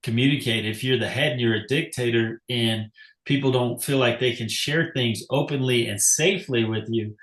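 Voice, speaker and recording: A man's voice: mid-range voice, moderate pace, fairly bright tone. A man hosting a coaching interview, reflecting on what he heard and telling his own story. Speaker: podcast host, coach. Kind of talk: casual interview talk. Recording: echoey room.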